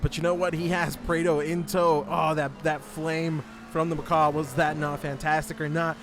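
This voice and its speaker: A man giving live sim racing commentary, excitable and joking, laughing often. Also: on the high side, moderate pace, music in the background.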